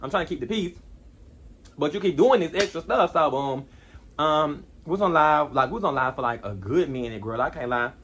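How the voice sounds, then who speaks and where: A young man telling a storytime vlog in an animated, slangy way, rambling with asides. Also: on the high side, fairly quick, a little hiss or hum. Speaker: vlogger.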